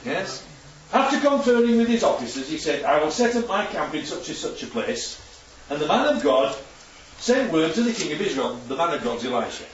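Animated man teaching from the Bible. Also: fairly high pitch, fairly quick, slight background noise. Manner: chatty, keeps checking in with listeners. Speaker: preacher. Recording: echoey, distant, dull sound.

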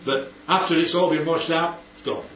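Man, Bible study leader, animated, keeps checking for agreement; distant, echoey, muffled recording. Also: a little high, moderate pace, slight background noise. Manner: animated, asks for agreement often. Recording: roomy, distant, dull recording with faint background ambience.

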